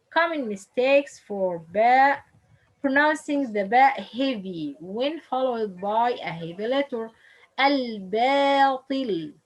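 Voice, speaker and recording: A woman's voice: fairly high pitch, low-quality recording. A woman whose first language is Arabic, teaching pronunciation in English, drilling and repeating each sound for the learner. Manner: slow, repeats letters and words for drilling, non-native English grammar. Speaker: Quran recitation teacher. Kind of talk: tajweed pronunciation lesson.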